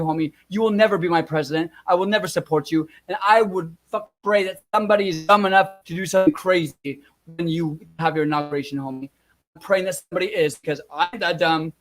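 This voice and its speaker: A young man vents at his viewers in a furious, swearing rant, circling back to the same points. His voice sits high and often jumps up as he shouts. He keeps talking to the audience directly. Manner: furious, profane, shouting and repeating himself. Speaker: vlogger. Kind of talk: angry rant to camera.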